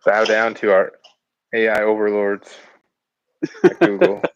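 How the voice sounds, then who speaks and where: A man's voice: lowish voice, expressive, unhurried, creaky, noisy background. Laughing, jokey man on a lo-fi stream. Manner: laughs often, jokey and rambling. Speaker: pottery streamer. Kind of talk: casual chat while doing pottery. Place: home pottery space.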